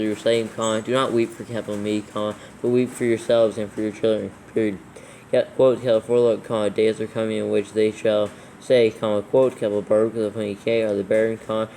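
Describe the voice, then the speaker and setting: Low monotone guy reading verses out and calling out commas and quotes, faint hiss behind. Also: poor audio. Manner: halting reading aloud, naming punctuation marks. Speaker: proofreading reader. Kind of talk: dictating scripture with punctuation. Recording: faint background noise.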